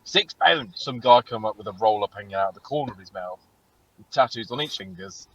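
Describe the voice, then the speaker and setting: A man's voice: fairly low pitch, a little fast, husky, no echo, muffled recording. A man co-hosting a casual podcast and telling stories animatedly, swearing a lot. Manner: animated storytelling, heavy swearing. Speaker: podcast co-host. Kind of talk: casual chat.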